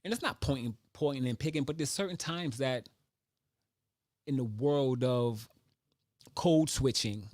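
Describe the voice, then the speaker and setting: A man in his forties reflecting out loud on going back to school. He talks in a loose, animated way, now and then acting out the voices of other people. The recording is close and dry, with no room around him. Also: mid-range voice, dry recording. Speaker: vlogger. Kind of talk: casual reflective monologue.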